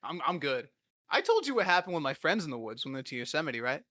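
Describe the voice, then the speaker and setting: A man's voice: a little high, sing-song, quick pace, pushed and bright, dry recording, studio quality. A man in his twenties hosting a podcast, telling rambling, profane, self-deprecating stories in a casual comedic way. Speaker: podcast host.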